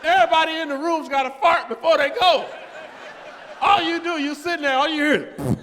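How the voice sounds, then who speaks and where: A man performs live stand-up in a large theater, telling a story and acting out both sides of each conversation with big vocal swings. His voice is very high-pitched and brisk, with slight background noise and the long hall reverb of a live theater recording.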